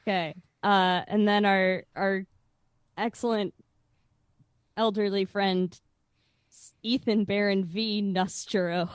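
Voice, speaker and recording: A woman in casual podcast chat, recapping story beats in an unhurried way. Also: medium pitch, steady tone, clear, resonant tone, dry recording.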